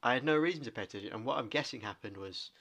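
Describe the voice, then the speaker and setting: A man co-hosting a podcast, retelling things in a rambling, animated way. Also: mid-range voice, very fast, creaky. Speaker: podcast co-host. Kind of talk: casual chat.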